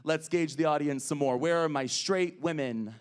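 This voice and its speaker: Man, drag comedian, brash crude crowd work, smooth higher voice, club stage mic. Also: normal speed. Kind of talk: stand-up comedy.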